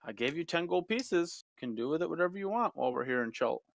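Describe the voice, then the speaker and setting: A man's voice: a little high, expressive, quick pace, vocal fry, voice pushed up. A man voicing a protective older half-elf father who speaks firmly and warily.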